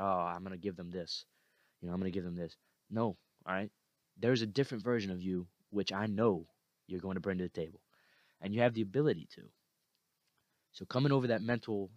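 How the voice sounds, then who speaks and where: A young man hosts a motivational podcast in a low voice, recorded dry and close. He repeats his points with earnest, rising conviction. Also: darkish tone, no echo. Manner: earnest, repetitive, fired up. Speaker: podcast host.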